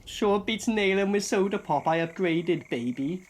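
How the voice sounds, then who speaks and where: A man's voice: high-pitched, normal speed, noisy background. Sweary man reacting to a movie. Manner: sweary, animated, laughing asides. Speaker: movie reviewer. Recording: film soundtrack playing behind.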